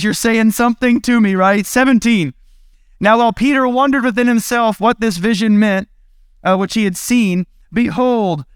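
A man's voice: high voice, clear, resonant tone, no room sound, studio quality. A man preaching a casual sermon to his congregation, retelling Bible stories in a playful, conversational way and laughing at his own retellings. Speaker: pastor.

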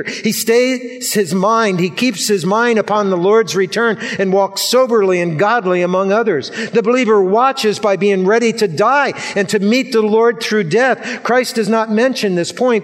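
A man preaching a sermon, repeating key words for emphasis and putting questions to his congregation. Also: high voice.

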